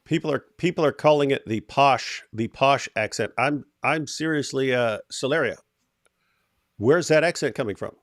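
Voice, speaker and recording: A man's voice: medium pitch, normal speed, dry recording, studio quality. A man hosting a casual livestream, reading viewer comments aloud and giving feedback on a video. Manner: thinks aloud, reads chat comments. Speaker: host.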